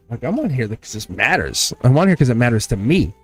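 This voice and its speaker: A man hosting a members-only tarot livestream in casual chat, animated and laughing often as he talks to his viewers. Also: mid-range voice, fairly quick, slightly rough, no echo, faint music behind. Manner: chatty and animated, laughs often, acts out quoted exchanges. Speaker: tarot reader and channel host.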